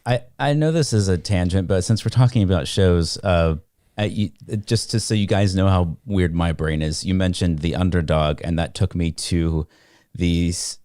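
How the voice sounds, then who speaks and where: A man's voice: low voice, normal speed, dark tone, no echo, studio quality. A man co-hosting a podcast in casual chat, chatty and prone to laughing and drifting into asides. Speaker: podcast co-host.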